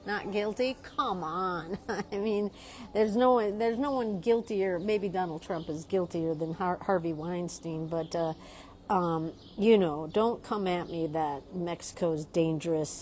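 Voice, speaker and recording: A woman's voice: medium pitch, darkish tone, slight background noise. A middle-aged woman, an artist who teaches drawing workshops, talking casually and rambling on a livestream, often checking in with "right?". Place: home in Mexico.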